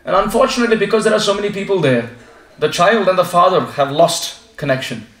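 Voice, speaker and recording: A man preaching at a home devotional gathering, telling a story with lively storytelling and acting out passers-by. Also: high voice, quick pace, echoey room. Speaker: visiting preacher. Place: living room of a home gathering.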